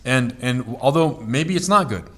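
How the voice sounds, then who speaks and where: A man's voice: medium pitch, animated, unhurried, sharp tone. A man co-hosting a podcast, explaining at length in casual chat, with many restarts and repeated words. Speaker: podcast co-host.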